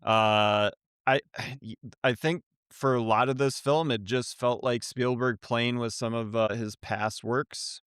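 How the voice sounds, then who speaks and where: A man's voice: medium pitch, fairly even intonation, takes it slowly, a bit bright, smooth, no room sound, studio quality. A man hosting a casual podcast discussion of a film he just saw, steering the talk and thinking aloud with restarts. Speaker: podcast host.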